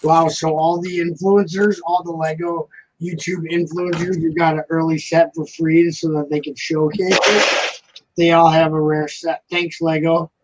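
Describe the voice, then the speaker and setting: A man's voice: on the high side, little pitch movement, a little slow, background noise. A man hosting a casual live-stream chat, joking and rambling in a mock-grumpy way.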